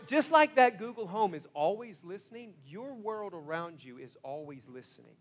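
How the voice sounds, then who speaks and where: A man preaching a sermon as pastor, telling stories in an animated way that swings from hushed asides to loud exclamations. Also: sits high, moderate pace, hardly any pauses.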